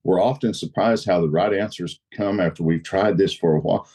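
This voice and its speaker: Deep-voiced man sharing his recovery story. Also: steady tone, a little fast, warm tone, slightly rough. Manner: earnest, repeats phrases for emphasis. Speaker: podcast guest.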